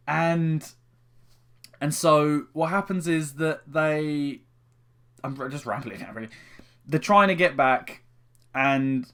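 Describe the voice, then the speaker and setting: A man's voice: a little high, takes it slowly, long pauses, a bit bright. A young man giving a casual spoken film review, rambling and swearing heavily with frequent restarts.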